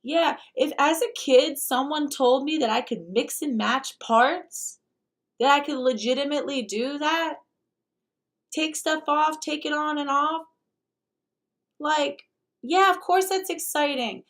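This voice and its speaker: A woman's voice: high-pitched, unhurried, a bit bright. Blunt, fired-up woman host. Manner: emphatic, blunt and profane. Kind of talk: commentary reacting to a video clip.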